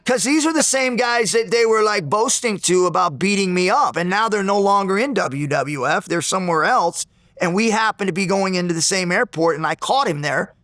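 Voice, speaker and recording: Intense storytelling man, slightly high voice. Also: moderate pace, no echo, studio quality. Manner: intense, animated retelling with restarts. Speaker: interview guest, former fighter. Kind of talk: storytelling in a sit-down interview.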